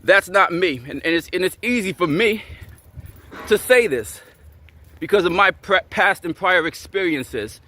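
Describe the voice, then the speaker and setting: A man's voice: high voice, animated, unhurried, pushed and bright. A man hosting his own channel, ranting angrily at the camera, swearing and repeating himself. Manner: angry, repetitive and profane. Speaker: channel host.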